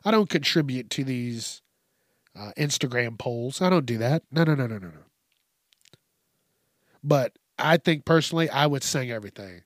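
A man's voice: on the high side, lively intonation, unhurried, pauses often, dry recording, clean studio sound. A man hosting a casual solo podcast, talking loosely, swearing and drifting between topics with frequent restarts. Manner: frequent restarts and repeated words. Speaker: podcast host.

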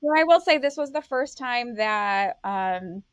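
A woman's voice: on the high side, expressive, unhurried, smooth, no echo. A woman co-hosting a podcast in casual chat, talking in a chatty way, correcting herself and laughing as she goes. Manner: chatty, self-correcting, laughs mid-sentence. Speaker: podcast co-host.

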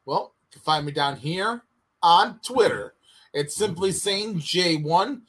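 A man co-hosting a podcast in casual chat, swearing freely and giving short, quick reactions. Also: sits high, lively intonation, fairly bright tone, slightly rough. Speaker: podcast co-host.

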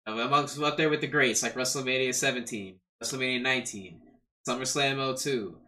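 A man's voice: medium pitch, fairly quick, pushed and bright. A man co-hosting a podcast, putting questions in an emphatic, building way. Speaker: podcast co-host. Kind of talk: casual podcast chat.

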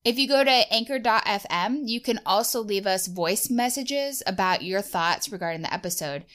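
Smooth-voiced chatty woman podcast host. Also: mid-range voice, expressive, normal speed, a bit bright. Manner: chatty, uses many "like" fillers. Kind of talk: casual chat.

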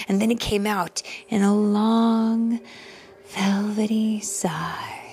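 A woman reading a picture book aloud to children in a soft, hushed voice that often drops to a whisper, stopping to ask her listeners questions. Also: mid-range voice, a little slow, vocal fry, slight background noise. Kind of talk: soft-spoken storybook reading.

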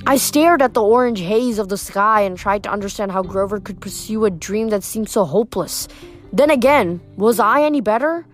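A woman's voice: medium pitch, lively intonation, moderate pace, faint music behind. A woman reading a novel aloud to her channel, chatty and full of fillers in her asides between chapters. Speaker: audiobook reader.

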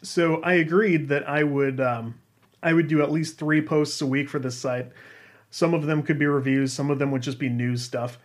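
Rambling self-deprecating man, fairly high voice. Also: fairly even intonation, normal speed. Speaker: freelance games writer. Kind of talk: casual personal storytelling.

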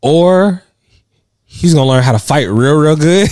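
A man co-hosts a laid-back podcast, trading slangy jokes and laughing often. His voice sits a little high and moves around a lot. He is recorded close and dry. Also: expressive, a little slow, darkish tone, no echo. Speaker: podcast co-host. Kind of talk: casual chat.

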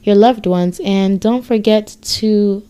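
A woman hosts her podcast in an easygoing, affectionate chat, laughing now and then. Her voice sounds mellow and warm. She speaks at a middle pitch. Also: fairly even intonation, takes it slowly, clean tone. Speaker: podcast host.

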